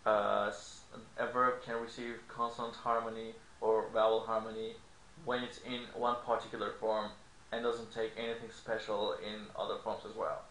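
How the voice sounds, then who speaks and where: A man's voice: fairly low pitch, little pitch movement, moderate pace, a bit bright. A man explaining grammar in an online language lesson, checking in with frequent "okay?" asides. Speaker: language teacher. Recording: echoey room with faint noise.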